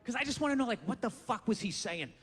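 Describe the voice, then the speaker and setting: A man's voice: very high-pitched, animated, fast talker, a bit bright, husky, big-room sound. A man doing a stand-up comedy routine on a club stage, ranting with profane disbelief.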